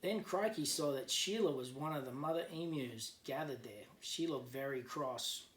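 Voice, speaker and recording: Teacher reading a picture book aloud. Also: male voice, mid-range voice, normal speed, far from the mic. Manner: gentle storyteller who explains words for kids. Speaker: teacher, guest reader. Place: at home, remote learning. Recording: echoey room, voice off-mic, faint background.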